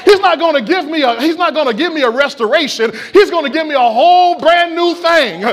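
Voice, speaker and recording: A man's voice: very high voice, lively intonation, fairly quick. A man preaching an impassioned Easter-style sermon in a church, calling out to the congregation. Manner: impassioned, shouting call-and-response preaching. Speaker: pastor. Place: church sanctuary.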